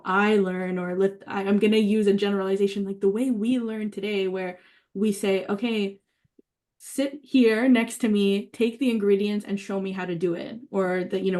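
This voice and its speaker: A woman's voice: mid-range voice, a little mellow. A woman leading a writing workshop, talking enthusiastically and thinking aloud with many fillers and restarts. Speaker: workshop leader.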